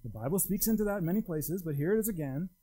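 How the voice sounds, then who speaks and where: A man's voice: lively intonation, quick pace, warm tone, poor audio. A man preaching a sermon in a conversational, emphatic way, his voice rising and dropping widely. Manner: conversational, emphatic, wide pitch swings. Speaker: pastor.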